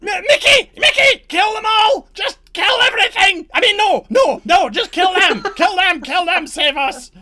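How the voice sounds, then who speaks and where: A man voicing angry, panicky male redcap goblins who shout in a high strained voice. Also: lively intonation, moderate pace, few pauses, exaggerated voice. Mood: panicked. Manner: frantic yelling, high strained voice.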